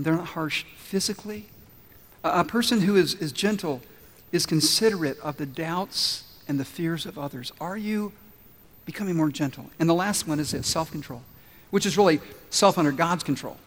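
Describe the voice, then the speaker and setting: A man preaching a sermon as pastor, earnest and building to emphatic repeated lines before softening into prayer. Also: high voice, in a large hall. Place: church sanctuary.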